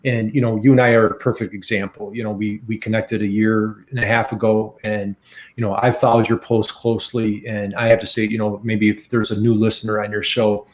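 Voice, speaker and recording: A man's voice: lowish voice, flat delivery, a little fast, echoey room. An American man of around fifty, a podcast guest, talking enthusiastically and repeating key figures for emphasis. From United States. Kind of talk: podcast interview.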